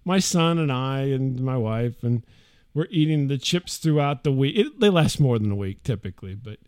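This podcast host is an animated, rambling man telling casual stories. His medium-pitched voice is clear and resonant at a moderate pace, recorded in a clean studio with no room sound.

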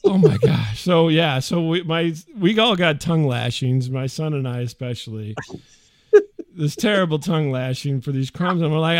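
A man's voice: a little high, normal speed, no echo, studio quality. A middle-aged man hosting a podcast, telling a rambling, profane story in a casual way. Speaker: podcast host.

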